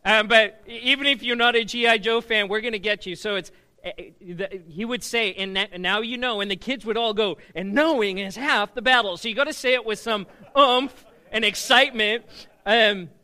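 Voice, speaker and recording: A man's voice: high-pitched, moderate pace, pushed and bright. A middle-aged man preaching a sermon in a conversational way, often drawing the congregation into call-and-response. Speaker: pastor.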